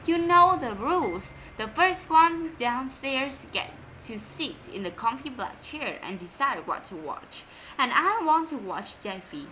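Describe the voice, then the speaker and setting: A woman's voice: high voice, sing-song, measured pace, bright, forceful tone, slight background noise, exaggerated voice, low-quality recording. Lady doing goody-goody little boy, prissy and stubborn. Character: prim, well-behaved little boy.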